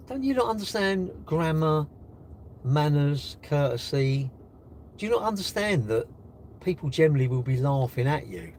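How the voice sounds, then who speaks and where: A man's voice: on the high side, very animated, measured pace, pauses often, darkish tone, slight background noise. A man with a British accent on a live stream, sitting in his car, reading viewers' comments aloud and answering them with sarcastic, mocking jabs. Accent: British English. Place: in a car while charging it.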